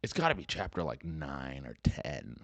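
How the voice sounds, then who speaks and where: A man's voice: a bass voice, normal speed, vocal fry, no room sound. A young man hosting a podcast, riffing through a profane, rambling comedic monologue. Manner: profane, rambling and animated, slips into mocking voices. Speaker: podcast host.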